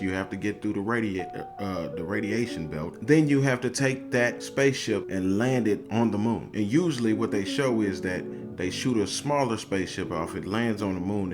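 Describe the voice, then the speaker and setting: Chill guy with a lowish voice riffing on clips, slangy and joking, music going behind him. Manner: laid-back, slangy, joking. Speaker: reaction video host. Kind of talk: casual commentary reacting to clips.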